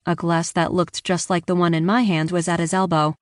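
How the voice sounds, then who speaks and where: A woman with a fairly low voice narrates a first-person romance audiobook at a fairly quick clip. The studio recording is clean with no echo. She tells the story evenly and with engagement, giving the dialogue a lively lift.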